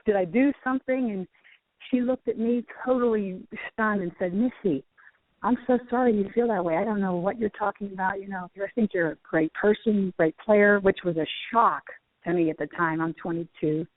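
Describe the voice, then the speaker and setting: A middle-aged woman, a former tour golfer who now teaches, telling stories in a lively way with frequent laughs. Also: mid-range voice, moderate pace, no echo. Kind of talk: phone interview storytelling. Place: outdoors at a driving range. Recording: tinny phone line, dry.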